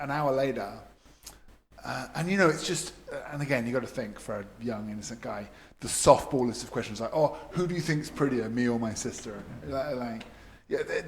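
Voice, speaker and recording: A man's voice: mid-range voice, a little hiss or hum. A man co-hosting a casual podcast chat, telling a story with lots of laughs and acted-out quotes. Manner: animated storyteller, laughs often, acts out quotes. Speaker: podcast co-host.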